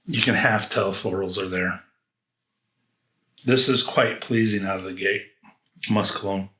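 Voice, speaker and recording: A man's voice: deep voice, a little slow, sharp tone, reverberant. A man reviewing fragrances in a casual unboxing, rambling and thinking aloud with frequent restarts.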